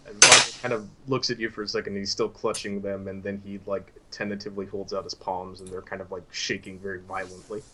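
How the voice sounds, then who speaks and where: A man narrating scenes as game master in a tabletop story game, with halting, filler-heavy description. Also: on the low side, little pitch movement, pushed and bright, slight background noise.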